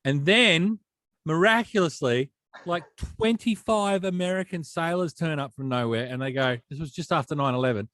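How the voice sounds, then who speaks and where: An Australian man co-hosting a casual chat show, telling animated travel anecdotes full of slang. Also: a little high, normal speed, no echo. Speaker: podcast co-host.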